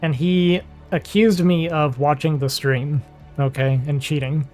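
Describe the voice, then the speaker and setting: A man's voice: on the high side, fairly even intonation, measured pace, a little mellow. A man with a slightly raised voice chatting casually about games. He laughs often and drifts into fillers as he talks. Faint music plays behind him. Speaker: streamer and game player. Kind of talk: casual chat.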